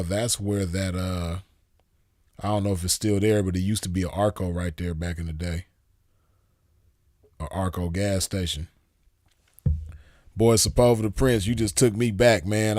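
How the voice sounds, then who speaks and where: A man's voice: lowish voice, a little mellow, no echo, clean studio sound. A man in his forties hosting a show, chatting casually with viewers and telling rambling, slangy stories with easy laughs. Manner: laid-back, rambling, laughs easily, slangy. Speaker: show host. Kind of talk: casual storytelling chat with viewers.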